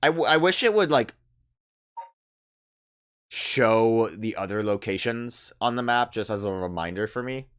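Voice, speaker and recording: A man's voice: medium pitch, expressive, unhurried, long pauses, a bit bright, smooth. A man hosting a let's play, chatting casually and thinking aloud with lots of "like" fillers as he reads the game's lines. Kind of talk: casual gameplay commentary, reading dialogue aloud.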